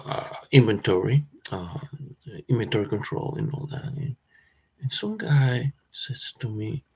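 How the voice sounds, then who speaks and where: A man's voice: on the low side, gravelly, warm tone, husky. A man telling a rambling personal story, repeating words as he restarts his sentences, swearing, and laughing now and then. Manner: repetitive restarts, agitated, swears, laughs often.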